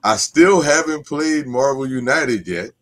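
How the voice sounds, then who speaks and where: Laid-back guest with an animated voice. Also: male voice, mid-range voice, a little slow. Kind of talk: casual game-show banter.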